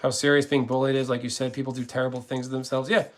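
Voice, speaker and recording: A man's voice: medium pitch, level tone, fast. A man streaming from his gaming channel, chatting casually with viewers in a rambling, blunt way and cursing freely.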